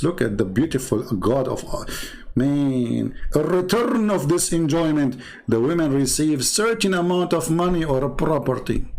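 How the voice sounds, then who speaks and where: A man giving sarcastic commentary while reading from his screen. He speaks broken, non-native English with heavy mocking irony and sudden leaps in pitch. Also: gravelly. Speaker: online religious critic.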